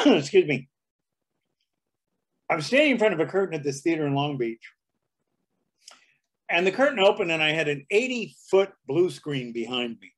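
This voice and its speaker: An older man telling comedy anecdotes as a guest, jumping into character voices as he goes. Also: on the high side. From Canada. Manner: storyteller who jumps into character voices. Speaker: comedy writer and performer, guest.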